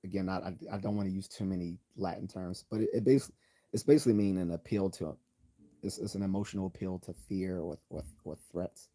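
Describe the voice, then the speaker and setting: A man talks through logical fallacies on a live stream in a deep voice. His tone is mellow and unpolished, full of ums, restarts and read-aloud definitions. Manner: loose, halting delivery with many ums and restarts; reads out definitions and examples. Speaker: channel host.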